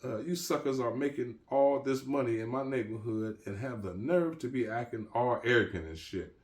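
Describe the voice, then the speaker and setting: A man voicing a hot-tempered male gangster who shouts and curses in street slang. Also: sits low, moderate pace, close to an everyday voice. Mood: furious.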